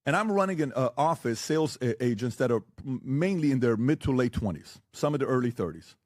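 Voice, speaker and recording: A man debating on a talk show, who lectures forcefully and keeps firing rhetorical questions and blunt warnings. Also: mid-range voice, lively intonation, fairly quick, no echo, clean studio sound. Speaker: podcast guest debating the host. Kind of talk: heated debate.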